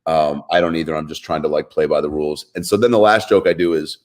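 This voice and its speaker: A man from Seattle, a comedian guest on a radio show, telling a rambling story in a deadpan way. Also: a bass voice, fast. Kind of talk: casual radio chat, storytelling.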